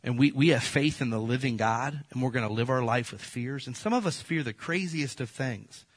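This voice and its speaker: A man preaching a sermon in a folksy, animated storytelling manner, acting out the voices in his stories. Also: mid-range voice, moderate pace, slightly rough, no echo. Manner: folksy, addresses the congregation as folks. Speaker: pastor.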